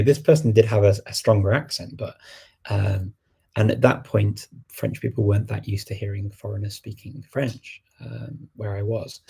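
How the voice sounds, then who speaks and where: Answering viewer questions on his language-learning show, a middle-aged man speaks at normal speed in a lowish, mellow voice with vocal fry and a breathy edge. The live Q&A is casual and emphatic, full of restarts and laughter.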